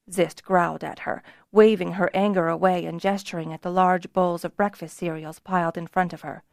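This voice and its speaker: A woman's voice: fairly even intonation, normal speed, vocal fry, hardly any pauses, no echo. Woman narrating a fantasy audiobook, dry close sound. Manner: voices characters with rises in pitch and volume. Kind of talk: scripted narration.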